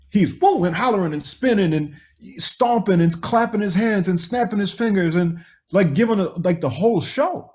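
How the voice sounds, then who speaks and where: A man, a music producer guest, telling a story in an interview and acting out the voices of the people in it. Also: sits high. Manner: animated, acts out quoted voices.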